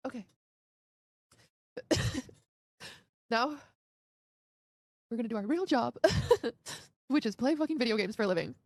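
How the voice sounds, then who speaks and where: Woman streamer, thirties, high pitch, dry close mic, worn-out and exasperated. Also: animated, measured pace, long pauses, no echo. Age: 30s. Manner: exasperated, profane. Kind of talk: livestream ranting.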